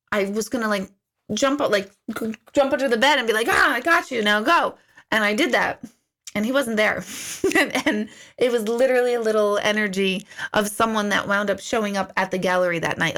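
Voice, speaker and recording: A middle-aged woman hosting a casual live-stream Q&A as an intuitive, chatty and storytelling, acting out her own remarks in lively asides. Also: mid-range voice. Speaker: intuitive medium answering viewer questions.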